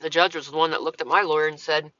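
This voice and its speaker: A woman's voice: low voice, steady tone, fast, fairly bright tone, dull audio. A woman talking casually on her livestream, answering comments in a profane, exasperated, rambling way.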